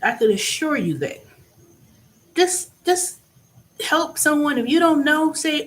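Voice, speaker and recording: A woman hosting her own vlog, giving a blunt, profane monologue that swings between loud bursts and low asides. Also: animated, slow, pauses often. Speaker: vlog host. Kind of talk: casual ranting monologue.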